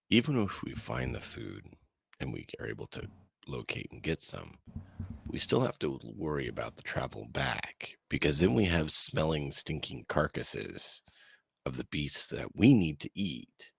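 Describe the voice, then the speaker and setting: A man's voice: rumbling low, vocal fry, a bit bright, slightly rough, dry recording. A man streaming a video game, chatting casually and rambling through his thoughts as he plays. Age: adult parent. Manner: rambling, talks through frustrations.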